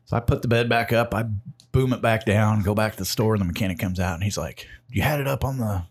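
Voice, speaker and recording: Husky-voiced man telling work stories. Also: on the low side, steady tone, fast. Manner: profane, laid-back storyteller. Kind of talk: casual storytelling.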